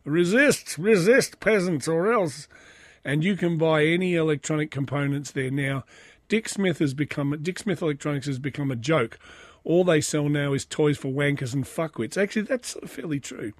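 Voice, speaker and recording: A man's voice: on the high side, normal speed, no echo, clean studio sound. A man with an Australian accent hosting a podcast, casually reading out comments with loose, crude asides. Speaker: podcast host.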